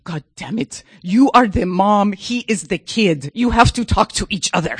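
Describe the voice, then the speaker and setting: A woman's voice: mid-range voice, lively intonation, moderate pace, breathy edge, no echo. A woman voicing her husband, who sounds blunt and commanding. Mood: firm. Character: blunt husband, firm and fed up.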